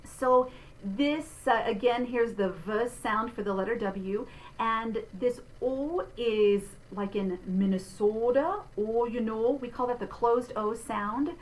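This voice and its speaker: A woman's voice: on the high side, slow, poor audio. Patient woman voice teacher. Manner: clear, patient teaching with spoken and sung demonstrations. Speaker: vocal instructor. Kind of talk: diction lesson.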